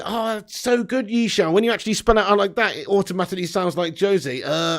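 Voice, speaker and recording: A man's voice: high-pitched, moderate pace. A man hosting a casual live stream, reading out viewer comments and laughing often.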